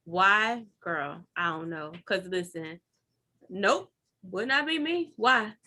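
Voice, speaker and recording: A woman co-hosting a casual recap chat, retelling scenes in a chatty, expressive way. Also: mid-range voice, takes it slowly. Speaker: podcast co-host.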